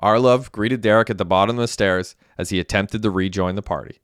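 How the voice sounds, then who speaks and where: Narrating a novel for an audiobook, a man with a deep, smooth, resonant voice keeps his storytelling steady and even at a brisk pace. The close-miked recording is dry, made in a dry room.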